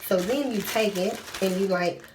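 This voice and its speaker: A young woman vlogging from a small bathroom, telling a story in a brash, profane, animated way and often dropping to a whisper. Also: mid-range voice, normal speed, heavy background noise.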